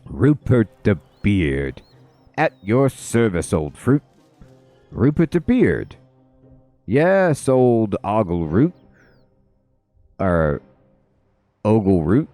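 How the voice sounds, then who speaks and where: A man voicing a fussy, posh bearded dwarf gentleman who talks in plummy upper-class slang, in a video game. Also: lowish voice, sing-song, extremely slow, long pauses, no room sound, faint music behind, full character voice.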